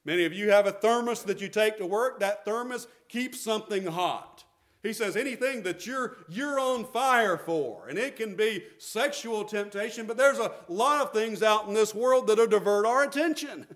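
A man's voice: sits high, moderate pace, fairly bright tone. A middle-aged man, preaching a sermon as pastor, emphatic and repetitive.

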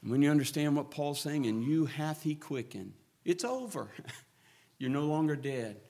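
Male preacher, fairly high voice, fervent sermon delivery that swings from hushed to loud. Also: lively intonation, a little slow.

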